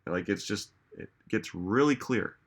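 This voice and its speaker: A man's voice: on the low side, lively intonation, measured pace, slightly rough. A man giving a reflective motivational talk, musing aloud and asking listeners many rhetorical questions. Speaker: self-help speaker.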